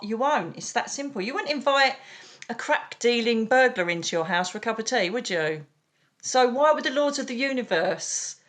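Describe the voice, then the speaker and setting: A middle-aged woman with a British accent chats as a guest on an interview show. She talks in an animated, rambling way, with a voice a little higher than most women's, and calls her listeners darling. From United Kingdom. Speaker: psychic medium, podcast guest. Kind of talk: casual interview chat.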